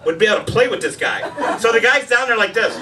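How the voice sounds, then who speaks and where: A man's voice: sits high, sing-song, quick pace. A man doing a rambling, self-deprecating stand-up comedy set and chatting with the audience at a live show. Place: live show at a women's shelter. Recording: distant mic, loud crowd and noise.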